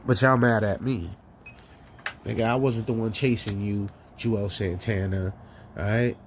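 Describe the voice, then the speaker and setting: A man's voice: fairly low pitch, steady tone, a little slow, a little hiss or hum. A man from New York hosting a live stream, ranting profanely and telling stories, stammering through restarts. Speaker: solo live-stream host. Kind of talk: ranting monologue.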